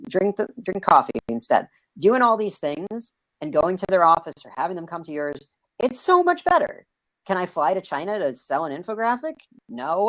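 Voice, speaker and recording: Host type: an excitable man chatting over a video call, bouncy delivery, dry close sound. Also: fairly high pitch, no echo, poor audio. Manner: energetic, excitable, raises his voice. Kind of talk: casual live video-stream chat.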